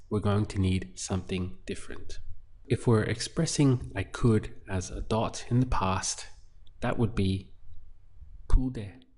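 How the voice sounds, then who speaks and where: A man teaching a language lesson, speaking clearly and patiently, repeating words slowly for practice. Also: sits low, darkish tone. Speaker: Spanish teacher.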